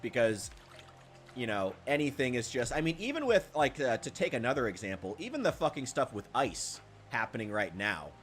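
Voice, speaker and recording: A man in the middle of a live game stream, venting with plenty of swearing as he answers his chat. His voice sits in an everyday middle register and drops low and quiet after each burst. Faint music runs quietly in the background. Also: big pitch swings, moderate pace. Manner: heated, profane ranting. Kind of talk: casual live-stream talk, reacting to chat.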